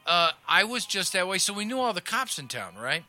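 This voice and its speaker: A man's voice: sits high, big pitch swings, fairly quick, bright, forceful tone. A middle-aged man from Illinois, hosting a casual radio chat and telling rambling anecdotes with a laugh. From Illinois, USA. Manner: rambling, anecdotal, laughs at his own stories. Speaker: radio talk host and comedy club owner.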